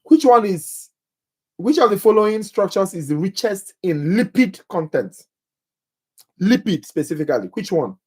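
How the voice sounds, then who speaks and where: A man's voice: high voice, big pitch swings, normal speed, husky. A man leading a live nursing exam-prep review, reading quiz questions and answer options aloud to viewers and joking about his own accent.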